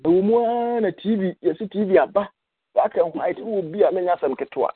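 A man's voice: high voice, expressive, brisk, breathy edge, no room sound. Older man on a tinny phone line. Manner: storytelling, mixing English words into his speech. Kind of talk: reminiscing casual chat.

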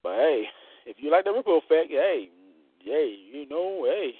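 A man's voice: on the high side, sing-song, moderate pace, slightly rough, no echo. A man hosting a casual radio talk show, joking bawdily and acting out other people's voices. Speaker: show host. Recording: tinny phone-line sound, dry.

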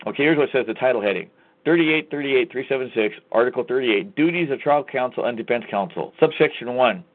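A man hosts his own show in an angry, profane, hammering rant aimed straight at his listeners. His voice sits in an ordinary middle pitch. The sound is thin and tinny, like a phone line. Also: a little fast. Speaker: host. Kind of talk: ranting call-to-action monologue.

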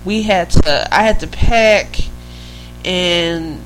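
A woman's voice: lowish voice, slow, over music, poor audio. A woman co-hosting a podcast in casual, rambling chat, laughing easily. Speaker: podcast co-host.

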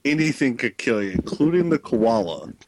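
A man's voice: medium pitch, big pitch swings, normal speed, background noise. A man co-hosting a podcast, joking and bragging playfully in casual banter.

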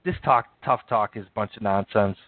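A man's voice: fairly low pitch, fairly quick, dry recording. A man hosting a live stream, giving blunt, profane, dismissive reaction commentary. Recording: dry, tinny phone-like sound.

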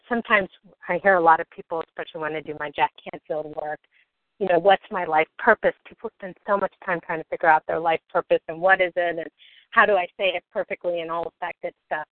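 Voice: mid-range voice, dry recording. Podcast host, reflective, musing, dry, tinny audio. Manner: thoughtful, musing. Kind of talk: reflective conversation.

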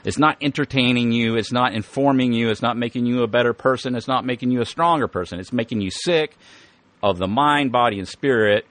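A man's voice: medium pitch, a little fast, a bit bright, no room sound. A middle-aged man talking in a rambling, profane podcast monologue, often stammering and repeating words. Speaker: podcast host. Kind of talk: casual monologue.

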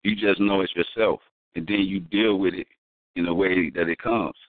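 A deep-voiced man chats casually in slangy speech, telling stories with emphasis at a moderate pace and fairly even intonation. The audio is tinny and phone-like, with no room sound.

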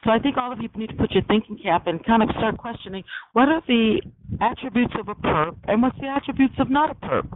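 A man's voice: very high-pitched, lively intonation, quick pace. A man hosting a call-in podcast, talking in an emphatic, preachy way and often asking "okay?". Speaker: podcast host. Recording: tinny phone line with faint hiss.

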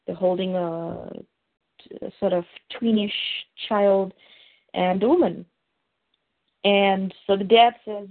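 A woman co-host describes a scene from a show at an unhurried pace, pausing often on fillers. Her voice comes through a narrow, phone-like line. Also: medium pitch, fairly even intonation. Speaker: podcast co-host. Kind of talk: casual recap, reading out scenes. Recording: tinny phone-like audio.

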